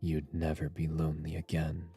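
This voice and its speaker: A man voicing a seductive, possessive male android in a game, with a deep, breathy, husky delivery. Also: completely flat delivery, normal speed, warm tone, faint music behind, exaggerated voice. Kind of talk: voiced game dialogue.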